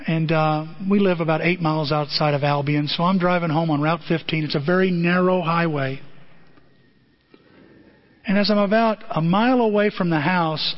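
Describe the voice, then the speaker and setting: Earnest preacher man, fairly high voice. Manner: earnest, storytelling, self-deprecating. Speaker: pastor. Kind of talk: sermon. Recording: dull lo-fi sermon recording.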